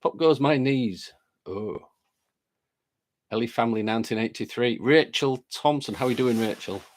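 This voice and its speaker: A man with a medium-pitched voice hosts a live stream at a moderate pace. He chats casually, reads viewer comments aloud and greets people by name, all while nursing a lingering chest cold.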